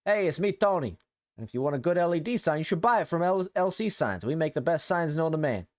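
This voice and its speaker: A goofy, cheesy ad salesman, as a man puts him on for a laugh. He pushes the pitch higher and leans into a hammy salesman delivery. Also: lively intonation, quick pace, a little mellow, close to an everyday voice. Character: goofy cheesy male advertiser.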